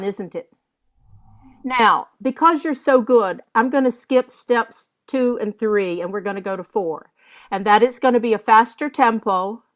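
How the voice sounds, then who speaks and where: An older woman leading a masterclass, giving direct coaching instructions and scatting rhythms aloud to show what she wants. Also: on the high side.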